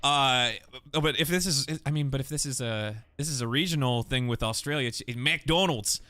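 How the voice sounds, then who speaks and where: A man co-hosting a gaming podcast, chatting casually, animated and exasperated, swearing freely. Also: medium pitch, normal speed. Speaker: podcast co-host.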